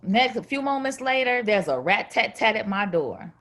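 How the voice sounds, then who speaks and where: Animated woman telling her own story. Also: medium pitch, moderate pace. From Chicago. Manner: animated, acts out voices of others. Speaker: guest. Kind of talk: personal storytelling.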